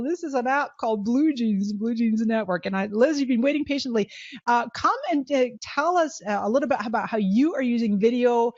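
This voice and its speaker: A woman's voice: on the high side, no echo. Upbeat Scottish woman hosting a live call. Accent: Scottish with some Californian. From Scotland. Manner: bubbly, quick, with frequent laughs and restarts. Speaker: host of a live video training. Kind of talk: live-stream webinar hosting. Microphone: video call microphone. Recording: dull, lo-fi web call audio.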